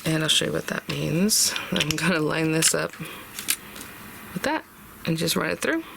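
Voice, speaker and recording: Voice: medium pitch, lively intonation, moderate pace, creaky, background noise. A craft tutorial host talking casually step by step and thinking aloud while working.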